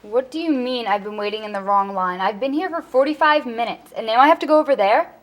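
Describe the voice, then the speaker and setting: Quick, outraged customer wanting the manager , played by a woman. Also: a little high, natural voice. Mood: indignant. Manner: indignant, demanding. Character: indignant woman customer demanding a supervisor.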